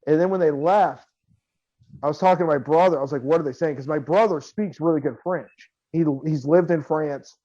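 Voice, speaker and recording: A man's voice: on the high side, brisk, mellow, dull audio. A man co-hosting a podcast, telling a long profane anecdote in casual chat and laughing as he quotes the people in it. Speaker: podcast co-host.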